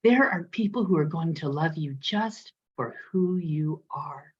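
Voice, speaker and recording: A woman voicing a gentle, kindly old wise man who speaks calmly. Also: low voice, measured pace, slightly rough, exaggerated voice. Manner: calm and gentle. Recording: dull lo-fi recording.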